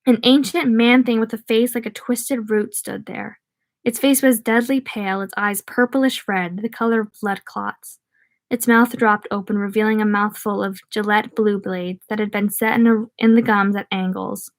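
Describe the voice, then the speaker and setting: A woman's voice: mid-range voice, fairly even intonation, normal speed, dry recording. A young woman streaming a book reading, breaking off to chat with viewers in scattered asides. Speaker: read-aloud streamer.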